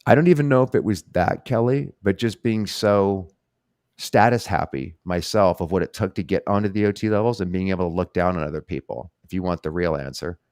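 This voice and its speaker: Low-voiced, candid male podcast host. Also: brisk, a little mellow, no echo, clean studio sound. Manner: candid, swears casually. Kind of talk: casual conversational interview.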